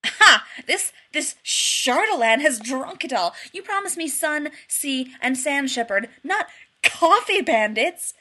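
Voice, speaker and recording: Woman voicing a shrill, exasperated grumpy man. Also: big pitch swings, slow, few pauses, exaggerated voice. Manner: shouting and incredulous. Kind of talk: audiobook character reading.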